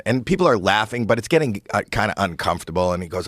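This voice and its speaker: A comedian guest, a man telling a stage story in an animated, halting way with many restarts. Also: low-pitched, dry recording. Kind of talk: storytelling in a podcast chat.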